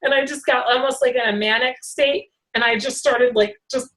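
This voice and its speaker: A woman talks to a group on a video call, her pitch set a touch high. She rambles and restarts, full of filler words, but keeps an animated, friendly flow. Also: normal speed, poor audio. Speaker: hangout organizer.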